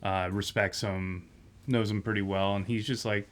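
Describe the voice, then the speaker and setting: A man co-hosting a film podcast, talking in a relaxed, rambling way with many fillers. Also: lowish voice, moderate pace. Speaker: podcast co-host. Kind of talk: casual film discussion.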